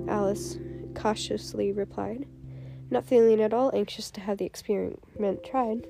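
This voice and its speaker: A woman narrating a storybook in a measured, clear reading. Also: medium pitch, steady tone. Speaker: audiobook narrator. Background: background music.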